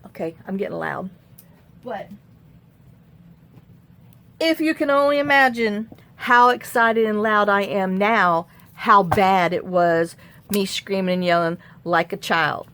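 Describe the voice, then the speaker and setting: A woman telling a story in a casual vlog, animated and acting out the quotes. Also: a little high, moderate pace. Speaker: crafting vlogger.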